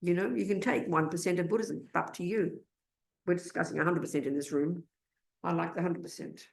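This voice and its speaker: Blunt, animated Australian woman teaching. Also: fairly low pitch, fairly quick, vocal fry, reverberant. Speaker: Buddhist teacher. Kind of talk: dharma talk with questions.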